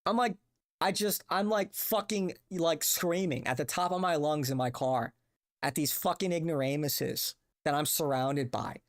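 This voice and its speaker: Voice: medium pitch, moderate pace. A young adult streamer ranting casually, profane, exasperated and rambling. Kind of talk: casual livestream rant.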